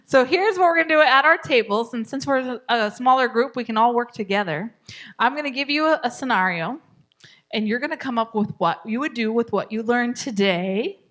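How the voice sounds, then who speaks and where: A woman runs a live parenting class in a bright, fairly high voice. She teaches with energy and laughs often. She acts out what parents and children say. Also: animated, normal speed.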